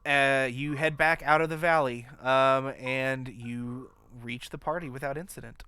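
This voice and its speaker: A man's voice: mid-range voice, steady tone, measured pace, pushed and bright. A man narrating a tabletop game as game master, hesitant and full of fillers.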